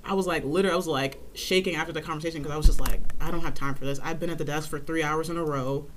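A young woman in casual chat, telling an animated, swearing story about her library desk job and acting out callers in a high voice. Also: rapid-fire, slight background noise. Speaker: library circulation desk worker.

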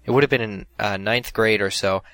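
A man's voice: fairly low pitch, fairly quick, a bit bright, no echo. A man co-hosting a casual chat about films, rambling with many restarts and fillers.

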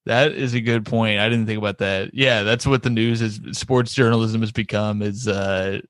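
A man hosting a casual podcast, laughing often and swearing freely. He reads listener comments aloud in a relaxed way. The sound is close and dry, with no room around it. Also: lowish voice, moderate pace, dry recording. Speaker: podcast host. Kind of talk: casual chat.

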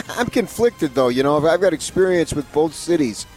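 A man's voice: on the high side, animated, normal speed, darkish tone, faint music behind. A man co-hosting a sports radio show, joking around with playful boasts. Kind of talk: casual sports radio banter.

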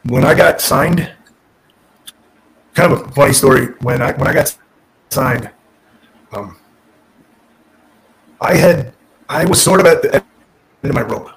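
A man who is a former wrestler and podcast guest, telling a story in casual, animated talk, restarting sentences and acting out what people said. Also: mid-range voice, unhurried, vocal fry, pauses often, slight background noise, low-quality recording. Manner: animated, restarts and self-corrects, acts out quotes.

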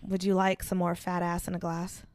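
A woman's voice: on the low side, completely flat delivery, normal speed, a little mellow, no room sound, clean studio sound. A young adult woman co-hosting a podcast, chatting casually and laughing between remarks as she presents her research. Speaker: podcast co-host.

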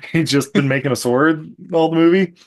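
A man's voice: fairly high pitch, normal speed. Laughing, rambling man. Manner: laughs often, rambling retelling with quoted asides. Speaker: podcast host. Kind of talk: casual podcast chat. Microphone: video call microphone.

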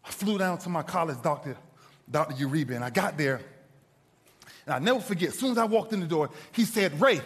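A man giving an inspirational speech to a live audience, telling a story dramatically and swinging from loud bursts to hushed asides. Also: fairly high pitch, lively intonation, fairly quick. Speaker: motivational speaker. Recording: long reverb of a large hall.

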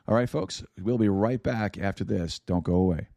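A man hosting a podcast, reading announcements in a hoarse, scratchy voice with many fillers and stumbles. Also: sits low, moderate pace, warm tone. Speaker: podcast host. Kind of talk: casual announcements.

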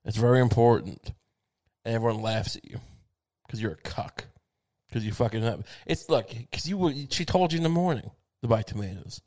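A man in the middle of a comedic monologue, cursing freely and circling back on himself with stammered restarts. His voice sits at an ordinary, middling pitch for a man. The tone stays sardonic and loose rather than polished. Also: fairly quick, a little mellow. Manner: profane, rambling, sardonic rant with many restarts.

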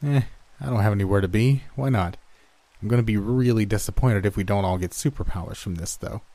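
A skeptical young woman who turns nervous, voiced by a male narrator in a spoken horror story. The voice stays low and dark, close and dry. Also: brisk, no room sound, natural voice. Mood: bickering.

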